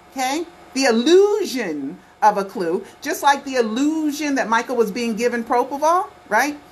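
A woman with a higher-pitched voice records a casual conspiracy documentary vlog at home, talking straight to the camera. She's insistent and repetitive, leaning on "okay" and "right" as she goes, and some slight background noise comes through.

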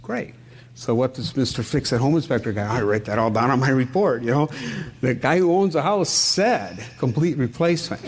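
A man's voice: mid-range voice, expressive, moderate pace, slightly rough. Brief: middle-aged man, home inspector presenting a seminar, folksy storyteller, asks the room questions. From Wisconsin. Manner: folksy, asks the audience questions, tells anecdotes. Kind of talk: conversational seminar talk.

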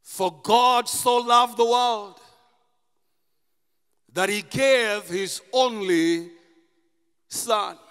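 A man preaching a sermon as pastor, impassioned and rising to shouts. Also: sits high, very slow, long pauses, smooth, big-room sound. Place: church.

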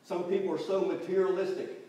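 A man delivers a church sermon, and he tells his stories with animation. His fairly high voice sits far back from the microphone. A heavy church echo and a faint hiss surround him. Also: brisk. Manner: animated storytelling, acting out quoted voices. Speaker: preacher. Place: church sanctuary. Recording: distant, very echoey church recording with faint noise.

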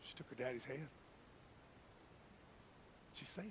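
A man preaching as a pastor, telling a quiet story and building to fervent preaching before leading a prayer. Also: mid-range voice, measured pace, noisy background. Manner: swings from hushed storytelling to rising fervent preaching. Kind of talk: sermon with story and closing prayer. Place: church sanctuary.

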